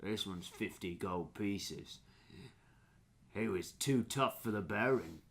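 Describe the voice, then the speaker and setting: A man voicing a gruff, blunt male dog trainer in a tabletop game. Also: lowish voice, slow, voice pushed down.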